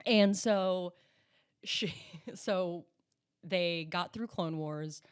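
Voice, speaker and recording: A woman co-hosting a podcast, telling a story in casual chat, animated, laughing often and swearing freely. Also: on the low side, drawn-out words, clear, resonant tone. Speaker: podcast co-host.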